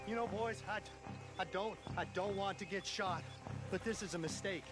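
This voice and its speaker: A man's voice: sits high, moderate pace, lightly acted. Jittery frontier wagon driver, stammers under threat, played by a man, music bed behind. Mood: nervous. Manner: stammering, anxious. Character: nervous male wagon driver working for a rich boss. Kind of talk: video game voice acting.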